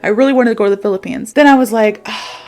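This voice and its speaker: A woman's voice: on the high side, rapid-fire, a little mellow. Chatty young woman teacher. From United States. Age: young adult. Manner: chatty, self-aware, uses fillers like "so" and "like". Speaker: English teacher. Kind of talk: casual video lesson.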